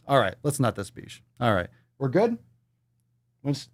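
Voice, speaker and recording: Man, livestream host, mid-pitched, loose and profane, mock-dramatic banter. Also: expressive, measured pace, creaky, pauses often, no echo. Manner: playful, profane, theatrical. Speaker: livestream fitness show host.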